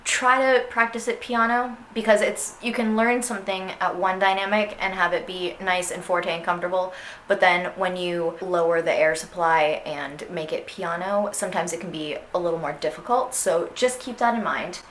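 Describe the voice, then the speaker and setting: A woman's voice: on the low side, fairly even intonation, normal speed, fairly bright tone. Young woman, clarinet teacher, casual and chatty, sings phrases aloud; roomy echo, faint background noise. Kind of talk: instructional music lesson. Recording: echoey room with faint noise.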